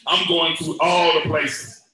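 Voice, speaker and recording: Man, preacher, bright ringing voice, booming echoey hall, playful and preachy, shouts at times. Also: level tone, a little slow. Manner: playful, preachy, swings from joking asides to shouting. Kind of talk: lively church teaching session.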